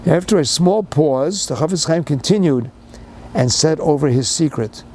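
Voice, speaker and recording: An older man tells a sermon story in a somewhat high voice, moving from calm retelling to fervent emphasis. His English is laced with Yiddish and Hebrew words. A faint hiss sits under the recording. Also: normal speed. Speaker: speaker giving a Torah talk.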